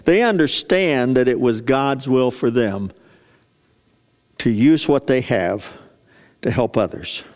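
A male pastor preaches a sermon in a chatty, storytelling style, often putting questions to the congregation. His medium-pitched voice is expressive and slow with frequent pauses, and a large hall gives the recording long reverb.

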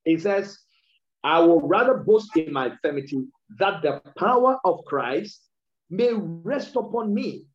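A man's voice: high-pitched, lively intonation, a little slow. A man preaching a sermon, repeating key phrases and drawing words out for emphasis. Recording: dull lo-fi sound.

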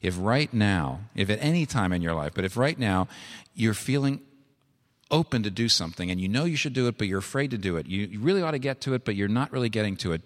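Male preacher, low voice, earnest sermon building to urgent appeals, long church reverb. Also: lively intonation, fast. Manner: earnest, rising to urgent exhortation.

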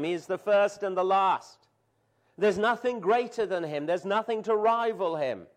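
A man preaches a sermon at an unhurried pace, weighing each phrase. His voice sits high for a man. He sinks to near-whispers on solemn words and swells on emphatic declarations. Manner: slow, deliberate preaching with dramatic drops to a hush and emphatic rises.

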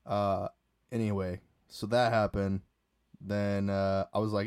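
A man's voice: fairly low pitch, level tone, slow, darkish tone, clean tone, no echo, clean studio sound. A man hosting a solo podcast, telling a night-out story in a casual, rambling way with lots of fillers and restarts. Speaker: podcast host.

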